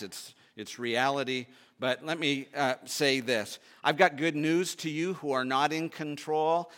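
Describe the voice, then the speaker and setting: A man preaching a sermon, reading scripture aloud and then expounding it with rhetorical questions, swinging from loud emphatic bursts to low, hushed pleading.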